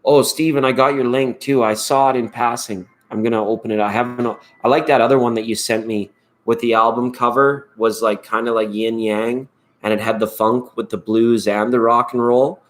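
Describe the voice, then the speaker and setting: A man's voice: medium pitch, fairly even intonation, moderate pace. A man hosting a live tarot stream, chatting casually and rambling playfully, often laughing.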